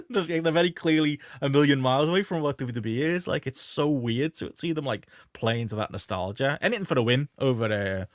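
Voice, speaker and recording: A man's voice: mid-range voice, fairly quick, hardly any pauses, dry recording. A man co-hosting a casual wrestling podcast, rambling through the news with lots of fillers and restarts. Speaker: podcast co-host.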